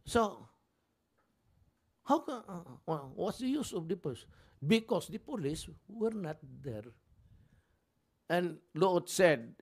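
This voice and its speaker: An older man in his seventies speaks with a Filipino accent and a slightly high-pitched voice. He rambles bluntly and angrily through unscripted press remarks. He keeps breaking off and restarting his sentences. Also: expressive, measured pace, darkish tone. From Philippines. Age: 70s. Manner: blunt, angry, rambling with many restarts and fillers. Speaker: president at a press conference.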